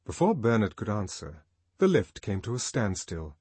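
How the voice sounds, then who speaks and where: A man reading a novel aloud as audiobook narrator, in an expressive, varied manner. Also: lowish voice, normal speed, slightly rough, no echo.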